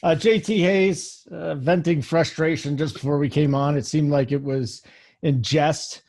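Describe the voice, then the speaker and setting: A man's voice: fairly high pitch, fairly even intonation, darkish tone. A man hosting a sports podcast, introducing co-hosts and teasing them in casual chat. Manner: teasing, brisk. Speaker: podcast host.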